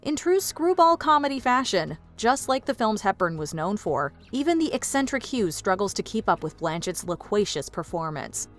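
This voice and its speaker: A woman giving polished, even, scripted narration for a film countdown. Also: medium pitch, moderate pace, hardly any pauses, soft background music.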